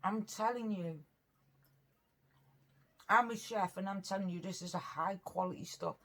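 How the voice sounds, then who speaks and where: A British woman eats on camera for her mukbang vlog, chatting in an earnest, rambling way. Her voice is mid-range and a bit bright, and she speaks unhurriedly.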